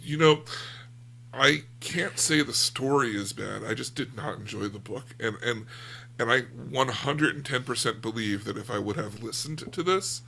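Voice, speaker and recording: Gravelly, bright-voiced man chatting. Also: mid-range voice, normal speed. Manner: rambling, self-deprecating. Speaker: podcast co-host. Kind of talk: casual book discussion.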